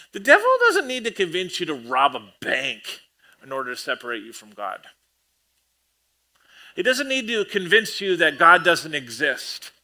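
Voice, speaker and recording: A male pastor preaching a sermon with a high, sharp, bright voice. He tells the story in an animated way, cracks self-deprecating jokes and stumbles over repeated words.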